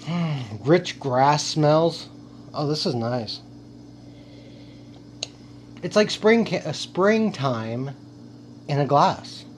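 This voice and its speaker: A man's voice: fairly high pitch, animated, extremely slow, pauses often, a little hiss or hum. A man hosting a casual beer tasting review, playful and theatrical, savoring each sip aloud.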